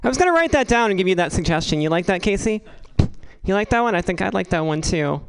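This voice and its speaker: A woman doing a stand-up comedy set, rambling and halting, with crude asides delivered deadpan. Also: mid-range voice, poor audio.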